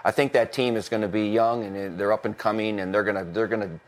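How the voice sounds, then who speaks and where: A man's voice: lowish voice, fairly even intonation, fast. Chatty middle-aged man, former coach. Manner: talkative, laughs often, restarts sentences. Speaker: football analyst, former coach. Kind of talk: casual podcast chat.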